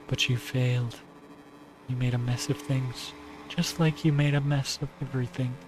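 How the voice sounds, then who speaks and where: A male streamer reading a visual novel aloud and voicing an obsessive, possessive young woman who talks to her partner in a softly adoring, controlling way. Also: mid-range voice, level tone, normal speed, noisy background, lightly acted. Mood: possessive adoration.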